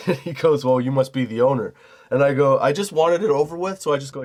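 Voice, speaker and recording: A man's voice: mid-range voice, brisk, long pauses, a little mellow. A young man hosting a comedy podcast, telling a story in a profane, casual way and laughing often. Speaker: podcast host.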